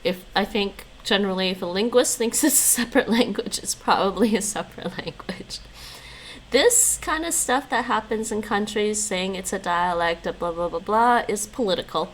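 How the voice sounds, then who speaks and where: Hoarse woman streamer chatting casually. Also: mid-range voice, normal speed, slight background noise, poor audio. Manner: chatty, thinking aloud, reading aloud. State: losing her voice, coughing. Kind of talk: casual live-stream chat.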